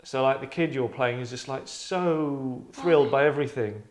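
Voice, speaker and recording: Male host directing actors, casual and rambling, average pitch. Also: normal speed. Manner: rambling, restarts, acts out lines. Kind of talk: casual chat, giving direction.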